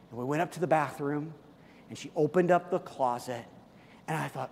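Middle-aged male pastor, high-pitched, chatty storytelling preacher, big reverberant church hall. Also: normal speed. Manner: animated storytelling, chatty with fillers. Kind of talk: sermon. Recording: long reverb of a large hall.

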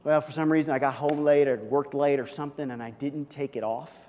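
A man's voice: mid-range voice, fairly quick. A middle-aged man preaching a sermon, telling stories and joking with the congregation. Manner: storytelling, animated, jokes with the congregation. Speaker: pastor. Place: church hall. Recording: long hall reverb, faint room noise.

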